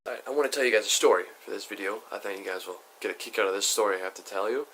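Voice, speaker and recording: A man's voice: fairly low pitch, very fast, music in the background. A young man telling a story on his vlog in a chatty, rambling way, full of asides. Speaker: YouTuber.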